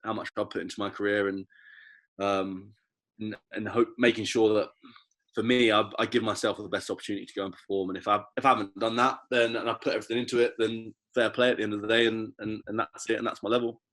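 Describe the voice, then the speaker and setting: A man's voice: fairly low pitch, quick pace. A young English man, a rugby player, chatting casually as a podcast guest and telling stories with frequent restarts. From England. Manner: relaxed, storytelling, frequent restarts.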